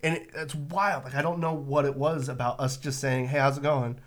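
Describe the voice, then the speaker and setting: A man's voice: mid-range voice, fairly even intonation, a little fast. A man with a San Francisco Bay Area accent, co-hosting a podcast in casual chat, explaining at length with many fillers and restarts. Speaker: podcast co-host.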